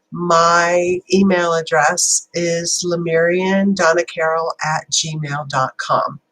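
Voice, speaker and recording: A woman hosting a spiritual channeling livestream. She chats loosely with fillers, then slows into a prayerful invocation. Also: fairly low pitch, low-quality recording. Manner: chatty and rambling, then slow and prayerful.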